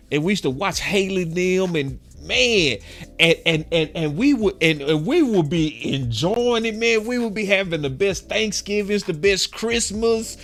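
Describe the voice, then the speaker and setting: A man in his forties, a sports fan commentator, giving a passionate and repetitive rant to camera with preachy emphasis. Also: high voice.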